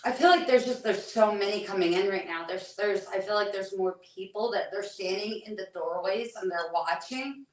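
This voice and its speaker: A woman working as a psychic medium, relaying what she hears in halting, hesitant bursts with many restarts. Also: mid-range voice. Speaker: psychic medium on a paranormal investigation. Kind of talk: live on-site spirit readings. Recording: echoey room, voice from a distance.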